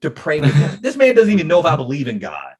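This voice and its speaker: A middle-aged man speaks as an interview guest, retelling a personal story with feeling. He talks in a lively way and acts out the lines he quotes. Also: a little high, fast. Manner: emotional, animated retelling with quoted dialogue. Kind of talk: conversational storytelling.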